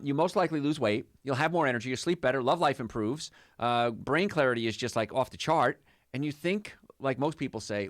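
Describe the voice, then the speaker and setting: Give me an upbeat, jokey male radio host who talks fast with a lively, bouncing pitch. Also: no echo, clean studio sound. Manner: chatty, upbeat, rambling and jokey. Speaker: radio health show host and chiropractor. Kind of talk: call-in radio talk. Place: radio studio.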